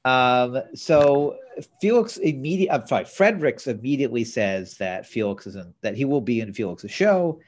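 Man, podcast co-host, casual chat, blunt and opinionated, lively pitch. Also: moderate pace. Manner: opinionated, blunt, recaps scenes with asides. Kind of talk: casual chat recapping a TV episode.

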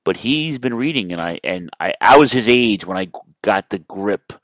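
A man with a lowish voice hosts a podcast, talking casually and from the heart, stopping and restarting his sentences. He sounds like he is in his thirties. The recording is dry and close, with no room sound. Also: expressive, normal speed, fairly bright tone, dry recording. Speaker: podcast host. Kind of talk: casual chat.

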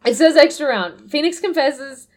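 A woman's voice: high voice, lively intonation, moderate pace. A woman chatting casually, animatedly retelling a story and acting out the characters' lines, swearing freely. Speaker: podcast host recapping a film. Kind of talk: casual chat.

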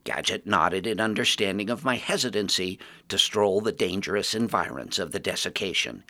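A man narrating a fantasy story as a storyteller, with lively, expressive narration. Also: sits low, moderate pace.

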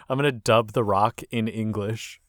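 A man's voice: on the low side, fairly even intonation, measured pace, a bit bright, dry recording, studio quality. A man co-hosting a casual comedy podcast, joking and laughing often as he talks. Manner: jokey, laughs often while talking. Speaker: podcast co-host.

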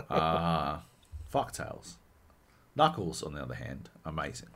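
A man co-hosting a podcast, chatting casually, animated and swearing often with bursts of laughter. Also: extremely low pitch, takes it slowly. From Australia. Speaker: podcast co-host. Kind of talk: casual chat.

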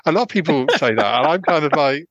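A man hosting a casual podcast chat, talking haltingly with many restarts and fillers. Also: a little high, lively intonation, fairly bright tone, dry recording. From United Kingdom. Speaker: podcast host. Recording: dull, lo-fi sound.

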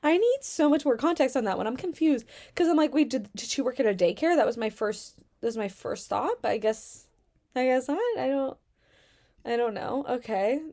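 A woman's voice: sits high, moderate pace, warm tone. A woman from Southern Virginia with a Southern American accent, reading out customer stories and reacting with sarcastic, chatty commentary and free swearing.

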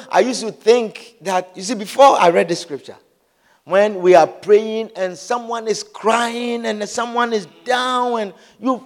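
A pastor preaching a sermon. He repeats key phrases for emphasis and keeps asking the congregation whether they understand. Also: high voice.

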